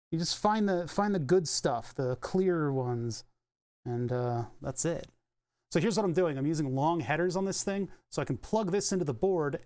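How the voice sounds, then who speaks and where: Soldering at a home electronics bench, a man chats casually on a live stream, rambling and thinking aloud with offhand swearing. His voice runs on the high side and sounds a little mellow.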